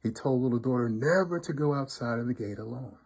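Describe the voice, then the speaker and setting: A man reads a folk tale aloud in an expressive, rhythmic way. His voice is warm and mellow with a slightly husky texture. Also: medium pitch, brisk. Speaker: storybook reader, fraternity member.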